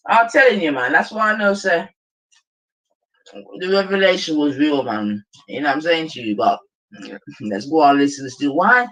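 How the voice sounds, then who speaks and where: Man, London accent, livestream host, slangy and animated, slightly high voice. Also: moderate pace, rough recording. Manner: animated, slangy, addresses viewers as family. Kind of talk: casual commentary.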